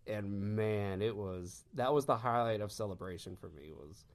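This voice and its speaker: A man from Texas telling fan anecdotes in casual chat, animated and laughing often as he acts out quotes. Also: lowish voice, normal speed.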